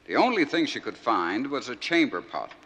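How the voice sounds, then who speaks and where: Folksy comic man, lively, bright delivery, echoey 1971 live LP. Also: medium pitch, moderate pace, husky. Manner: folksy, animated. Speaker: radio host and comic storyteller. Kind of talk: stand-up joke telling.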